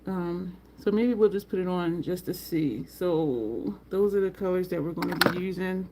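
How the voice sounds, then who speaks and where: A woman hosting a casual makeup livestream, chatting with viewers by name and jumping up in pitch when she gets excited. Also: moderate pace, slight background noise.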